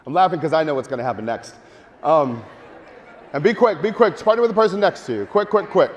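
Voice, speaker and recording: A man giving a lively marketing seminar to a live audience, joking and urging the crowd to take part. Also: fairly high pitch, quick pace, highs cut off. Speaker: speaker at a marketing event. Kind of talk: energetic live seminar talk. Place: large hall with audience. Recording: long hall reverb.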